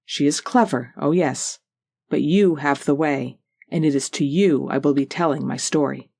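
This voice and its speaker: An audiobook narrator voicing a proud, tall old Highland widow with a Scottish Highland accent and a rich, powerful, lilting voice. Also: normal speed, gravelly, a little mellow, no echo. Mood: firm. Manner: stately, lilting, repeats "oh yes".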